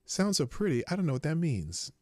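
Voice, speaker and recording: A middle-aged man hosts a casual livestream, rambling, laughing and calling out viewers by name. His voice is bright and swings widely in pitch, with a slightly high-set tone and a lingering cough. The sound is dry and close. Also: very animated, brisk, no room sound. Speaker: livestream host.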